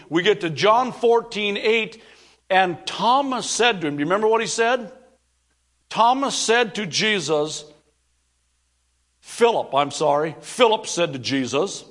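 Guy preaching a sermon, kinda high voice, earnest, hammers his points by repeating them. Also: animated, measured pace, a bit bright. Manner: earnest preaching with emphatic repetition. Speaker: pastor.

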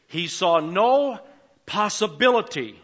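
An older man preaching a sermon as pastor, swinging between emphatic calls and quiet asides. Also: sits high, animated, takes it slowly, lo-fi sound.

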